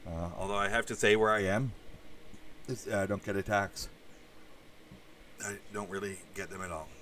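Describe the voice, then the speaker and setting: A man's voice: fairly low pitch, fairly even intonation, moderate pace, fairly bright tone, distant mic, slight background noise. A man hosting a casual livestream, chatting with viewers in a rambling way and swearing now and then. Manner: rambling, with asides and crude swearing. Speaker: podcast host reading live chat.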